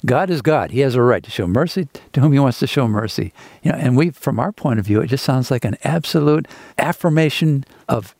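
Male co-host, husky with fry, dry sound; reflective, candid, wonders aloud. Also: medium pitch, lively intonation, fairly quick, darkish tone, no echo. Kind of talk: conversational podcast talk.

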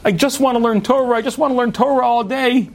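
A man's voice: very high voice, fairly even intonation, fast talker, vocal fry, pitched above the performer's own voice. A man doing a young boy begging through tears. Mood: pleading. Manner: pleading, sobbing.

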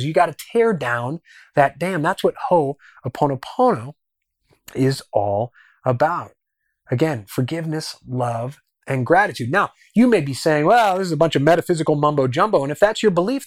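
A podcast host delivering a motivational self-help talk with a lively, swooping delivery. The voice climbs and drops widely from phrase to phrase. Points pile up in emphatic, repeated lists. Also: medium pitch.

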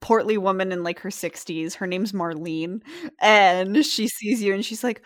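A young woman acting as game master, narrating a tabletop game in a relaxed, chatty way. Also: medium pitch, moderate pace.

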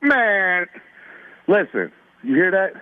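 A man's voice: high-pitched, big pitch swings, slow pace, no echo. Guy calling in on a tinny phone line, pushy, keeps talking over the host. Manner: insistent, talks over the host. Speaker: caller. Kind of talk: call-in radio argument.

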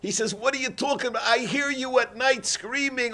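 Animated high-voiced man giving a sermon. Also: moderate pace, few pauses. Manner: animated storyteller, acts out characters, cries out. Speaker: rabbi. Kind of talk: sermon with storytelling.

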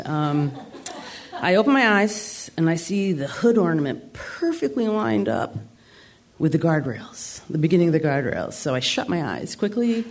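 A woman's voice: deep voice, a little mellow. A woman in her sixties from the Adirondacks of New York, telling a comic, self-deprecating story live on a theater stage. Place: theater stage before an audience.

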